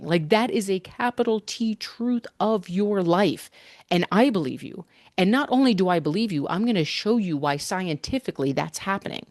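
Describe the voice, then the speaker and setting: A middle-aged woman hosts her podcast as a fitness coach, speaking with energy and emphasis and tossing in a frequent "right?". Her pitch sits in an ordinary middle range, and the recording is close and dry with no room sound. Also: expressive, moderate pace, darkish tone, dry recording. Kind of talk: podcast monologue.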